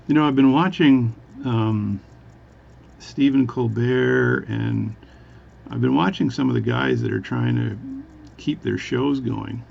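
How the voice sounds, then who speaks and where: Watch vlogger, man, gravelly voice, rambling and jokey, muffled recording with faint hum. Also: medium pitch, slow, darkish tone. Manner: rambling, self-interrupting, jokey. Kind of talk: casual workbench talk.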